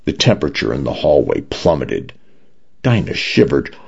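A man's voice: very deep voice, sing-song, moderate pace, gravelly, a little mellow, slightly rough. A man reading science fiction stories aloud as a radio narrator. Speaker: radio story reader. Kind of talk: scripted narration. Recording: dull lo-fi radio broadcast.

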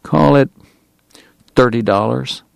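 A man's voice: mid-range voice, slow, vocal fry, clear, resonant tone, dry recording, pitched above the performer's own voice. A man reading the part of a genteel, long-winded dentist in a Southern drawl. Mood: formal. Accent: Southern US drawl, put on. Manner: formal, long-winded, precise.

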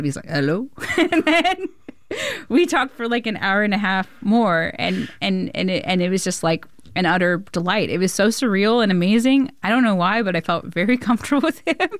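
An animated woman guest tells her story with easy laughter, acting out each line of dialogue. The recording is dry and close. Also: mid-range voice, brisk, no echo. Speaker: film director, interview guest. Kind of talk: casual storytelling.

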